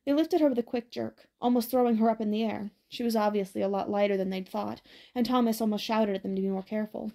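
A woman narrating an audiobook in a steady, even storytelling manner. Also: medium pitch, fast talker, vocal fry.

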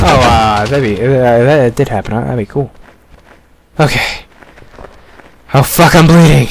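A young man talking through a game in character, swearing and sarcastic with sudden excited outbursts. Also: medium pitch, takes it slowly, creaky, long pauses. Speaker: gamer playing a paranoid character. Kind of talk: in-character gameplay commentary. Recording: game gunfire noise behind voice.

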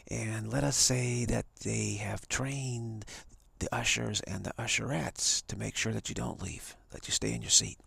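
A man's voice: lowish voice, fairly even intonation, unhurried, creaky, few pauses, a bit bright, breathy edge, no room sound. A man on a live stream, telling a long hypothetical story in a rambling way with many restarts. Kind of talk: storytelling monologue. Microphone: home setup for a live stream.

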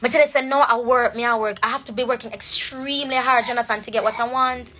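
A woman's voice: on the high side, steady tone, fast, bright, forceful tone. A woman, speaking into a phone on an emotional, preachy livestream and crying at times. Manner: emotional and preachy, switching between patois and standard English. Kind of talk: impassioned livestream rant.

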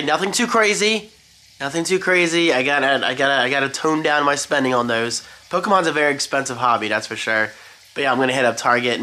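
A man's voice: medium pitch, sharp tone. A man vlogging in a casual, rambling, self-deprecating way about his day. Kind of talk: casual daily vlog chat.

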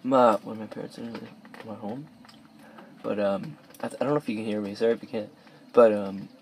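A teenage boy does let's play gameplay commentary from his bedroom, his lowish voice a little fast and slightly mellow. He rambles, restarts sentences often and mumbles asides, recorded on a cheap or device mic with a little hiss or hum.

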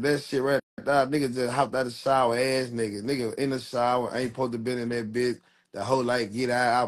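Young male rapper on a live stream, loose and rambling, heavy street slang, mid-range voice. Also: medium pitch. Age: 20s. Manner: rambling street slang, repeats "real talk". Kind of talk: casual livestream talk.

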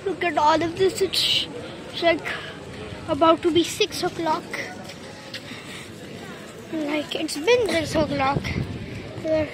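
A woman's voice: very high-pitched, slow, long pauses, a crowd in the background. A woman narrating a casual walking vlog outdoors by the sea, eagerly repeating words as she points things out to her phone camera. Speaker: vlogger. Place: outdoors by the sea and a busy street. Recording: loud outdoor noise.

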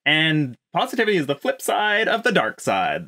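A man's voice: fairly high pitch, normal speed. A man hosting a comedy podcast, joking and chatting playfully with his co-host and guest. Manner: playful, jokey, animated.

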